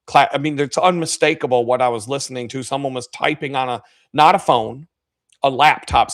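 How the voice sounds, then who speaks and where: A foul-mouthed man hosts a live stream, spinning crude stories about office life. He talks casually and loosely, swearing constantly and often laughing at his own jokes. His voice sits at an ordinary pitch for a man. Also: fairly bright tone. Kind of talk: profane casual storytelling.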